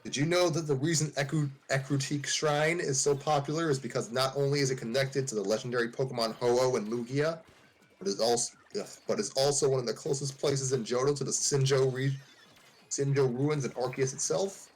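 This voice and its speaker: A man's voice: medium pitch, a little fast, natural voice, rough recording. A man voicing a friendly young male gym leader who explains things like a tour guide. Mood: lecturing. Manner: relaxed, lecturing like a tour guide.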